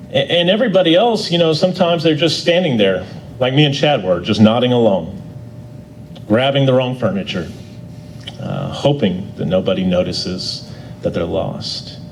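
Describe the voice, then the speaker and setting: Guy teaching bible class, chatty and folksy, stumbles and repeats words, bit of rumble behind him. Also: poor audio. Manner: folksy, repeats words while restarting, loud on key points. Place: church classroom.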